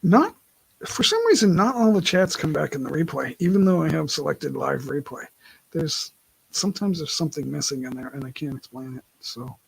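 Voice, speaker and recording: A man hosting a casual livestream, his slightly raised voice heavily gravelly and husky. He talks in loose, rambling runs and keeps correcting himself mid-sentence. The sound is dry and close, with no room around it. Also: fairly high pitch, very animated, moderate pace, dry recording, low-quality recording. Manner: rambling, self-correcting, laughs often. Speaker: livestream host. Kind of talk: casual live-stream chat. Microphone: laptop mic.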